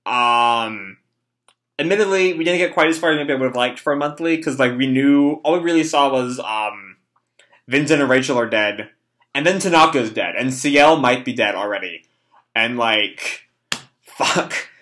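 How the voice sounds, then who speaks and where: Bright-voiced young man rambling casually. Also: medium pitch, normal speed. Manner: rambling, swears, many fillers. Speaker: manga reaction host. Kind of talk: casual live reading and reaction.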